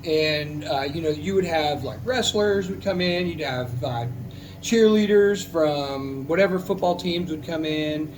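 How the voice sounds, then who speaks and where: A man's voice: a little high, measured pace, noisy background. A man, a military veteran, telling a personal story in a casual, heartfelt, rambling way, with many restarts.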